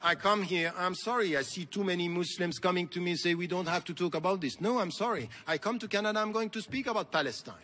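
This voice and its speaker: A man's voice: sits high, fast, hardly any pauses, bright, forceful tone, in a large hall, a little hiss or hum. A man giving an impassioned convention speech, with emphatic, repetitive rhetoric. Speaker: convention keynote speaker. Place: large convention hall.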